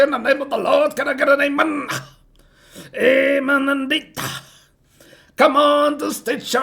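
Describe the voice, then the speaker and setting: A man voicing a fiery preacher who calls out to his congregation in booming, repeated cries. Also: vocal fry, pushed and bright, heavily acted. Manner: booming, repetitive call-and-response cries.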